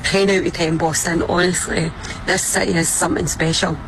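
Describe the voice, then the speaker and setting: A Scottish woman giving a heartfelt, grateful message to a city, speaking with emotion and halting restarts. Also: on the low side, flat delivery, background noise. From Scotland. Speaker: visitor addressing a city. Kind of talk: heartfelt address to the public.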